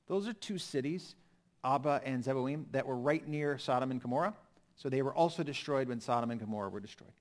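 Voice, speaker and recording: A pastor preaching a sermon, swinging from emphatic lines to hushed, almost whispered ones. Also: male voice, mid-range voice, fairly quick.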